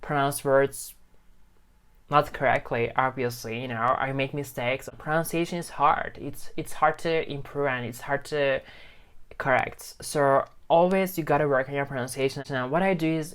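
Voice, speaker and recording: A man's voice: medium pitch, steady tone, moderate pace, fairly bright tone, clean tone. A man speaking English as a second language, talking earnestly to a phone camera, repeating his points with lots of fillers. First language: not English. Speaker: English learning vlogger. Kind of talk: casual talk to camera.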